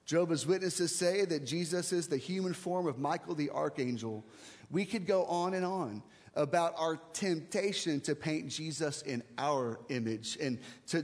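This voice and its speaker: A man preaching a sermon as pastor, conversational and emphatic, slowing down and speeding up to stress his points. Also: on the high side, a little mellow. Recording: long reverb of a large hall.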